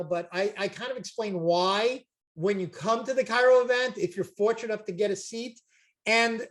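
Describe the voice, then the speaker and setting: An older man, making an emphatic, repetitive, jokey sales pitch on a video call as a chiropractic seminar promoter. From Brooklyn, New York.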